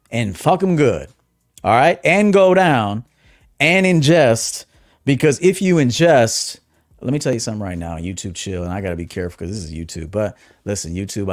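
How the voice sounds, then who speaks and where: A man hosting a livestream as a dating coach, talking bluntly, swinging from low muttered asides to loud emphatic bursts. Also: no room sound, studio quality. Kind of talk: casual livestream monologue.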